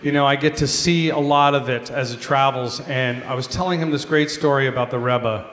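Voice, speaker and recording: A man, a comedian, telling a lively story at a gala, talking animatedly. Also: medium pitch, a little fast. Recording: echoey hall, faint noise.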